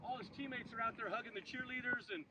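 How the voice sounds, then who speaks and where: High-voiced man coaching kids outdoors. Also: fast talker. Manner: animated storyteller, asks the kids questions, shouts quoted chants. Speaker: former pro baseball player speaking to a youth team. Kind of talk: motivational talk to kids. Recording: distant outdoor recording with background noise.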